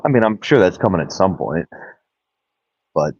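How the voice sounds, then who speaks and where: Deep-voiced dry-joking podcast co-host. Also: male voice, animated, normal speed, darkish tone, breathy edge. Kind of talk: casual comedic chat. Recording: dry, dull lo-fi sound.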